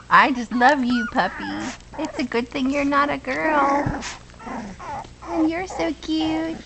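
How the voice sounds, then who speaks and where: High-voiced woman cooing at puppies. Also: takes it slowly, long pauses. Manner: coos and baby-talks at the puppies. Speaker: puppy owner filming a litter. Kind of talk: casual home video talk. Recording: loud background noise, home video.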